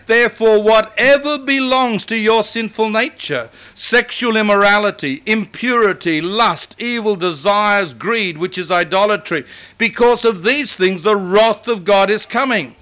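An older man preaching a sermon, emphatic and building to forceful repetition. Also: sits high, a little slow.

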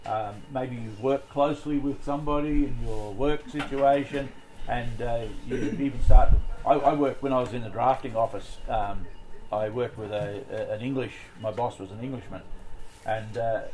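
A man's voice: mid-range voice, fairly even intonation, moderate pace, a little mellow, slight background noise, low-quality recording. A man leading a group Bible study, talking in a conversational way with many fillers and restarts.

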